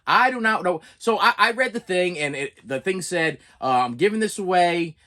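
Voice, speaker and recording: A middle-aged man, a teacher and father, talking casually and at length to his viewers in an animated, repetitive way. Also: sits high, normal speed. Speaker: preschool teacher and collector vlogger. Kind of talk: casual rambling monologue.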